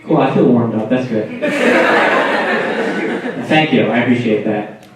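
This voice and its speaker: A man in his twenties doing a stand-up comedy set, wry and exasperated, jumping into high voices for quoted people. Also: measured pace. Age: 20s. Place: college comedy show room with live audience. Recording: roomy echo, distant mic, audience noise.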